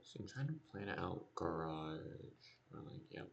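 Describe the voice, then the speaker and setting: A man with a very deep, gravelly voice streams a building game and thinks aloud in a loose, rambling way. He sits well back from the microphone. Loud background noise and keyboard clicks run underneath. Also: animated, moderate pace, recorded from a distance. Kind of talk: casual gameplay commentary.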